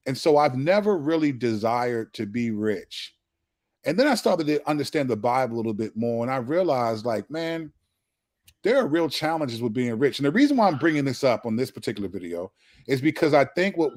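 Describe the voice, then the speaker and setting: Male host, casual storytelling monologue, lively delivery, dry close sound. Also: medium pitch, no room sound. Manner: animated storytelling, acts out quoted dialogue.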